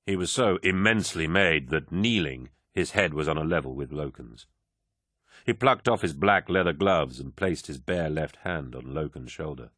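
A male audiobook narrator reading in a measured, grave way. His voice sits extremely deep. The recording is dry and close, with no room sound. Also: expressive, a bit bright, no room sound. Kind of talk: scripted narration.

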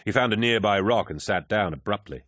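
A man narrating an audiobook in a measured, unhurried reading. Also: lowish voice, lively intonation, fairly bright tone, no room sound, studio quality.

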